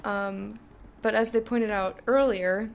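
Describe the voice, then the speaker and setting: A woman's voice: mid-range voice, fairly even intonation, takes it slowly, vocal fry, a little hiss or hum. A woman giving casual live commentary while playing a video game, chatty and reactive, often laughing and talking to her chat.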